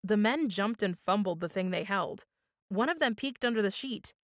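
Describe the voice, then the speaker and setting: Expressive woman reading a children's story. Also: mid-range voice, normal speed, no room sound, clean studio sound. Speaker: storytime reader. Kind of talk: children's story read-aloud.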